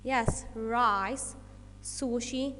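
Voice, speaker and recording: A woman's voice: fairly high pitch, steady tone, a bit bright, in a large hall, a little hiss or hum. A woman teacher giving an English lesson to children, explaining step by step and checking in with "okay" as she goes. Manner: slow, deliberate explaining with many "okay" checks.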